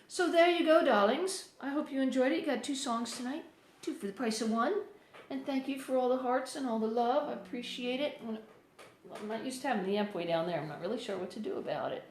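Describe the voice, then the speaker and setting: Talking fast in a voice on the high side, a little mellow, this US musician chats and rambles to viewers on her phone livestream. Her American accent drifts partly toward English, and she's in an echoey room in a house, with slight background noise.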